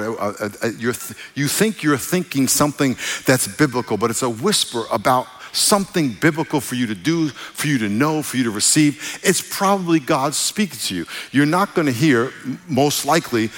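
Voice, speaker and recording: A man delivers a sermon in a middle-pitched voice, moving from scripture reading into loose, animated storytelling with asides. His voice rings out with a long reverb, like a large hall or church. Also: normal speed. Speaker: preacher.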